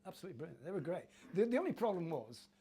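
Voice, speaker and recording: Older Cornish ex-footballer telling stories. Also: male voice, on the high side, sing-song, very fast, mellow, husky. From Cornwall, England. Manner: chatty, laughing, acts out voices in his stories. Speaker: former footballer, interview guest. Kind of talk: anecdotal interview storytelling.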